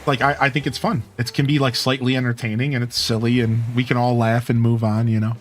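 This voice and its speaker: A man's voice: medium pitch, little pitch movement, a little fast, slight background noise. A man live-streaming in a casual, chatty way, talking straight to his viewers. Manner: laid-back, chatty, addresses viewers directly.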